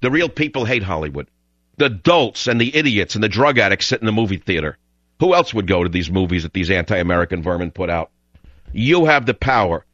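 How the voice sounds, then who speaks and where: An older man hosting a political talk radio show, ranting combatively and rising to shouts. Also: deep voice, expressive, fairly quick, dry recording. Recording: dull lo-fi broadcast sound.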